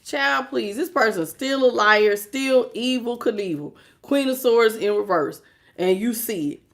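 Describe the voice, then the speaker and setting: Woman reading tarot cards, kinda high voice, sassy and blunt, laughs a lot. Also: unhurried. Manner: sassy, emphatic, laughs often. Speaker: tarot reader. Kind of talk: casual tarot reading to camera.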